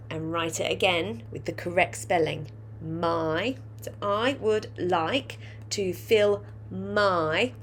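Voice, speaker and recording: A woman's voice: on the high side, slight background noise. A woman teaching a phonics lesson, patiently dictating a sentence word by word and coaching children on spelling. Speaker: primary school teacher.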